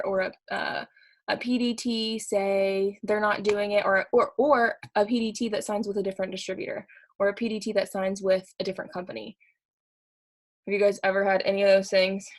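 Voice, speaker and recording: Fired-up woman rallying her team. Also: medium pitch. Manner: fired-up, repetitive, laughs between points. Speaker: network marketing team leader. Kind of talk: motivational talk to her team.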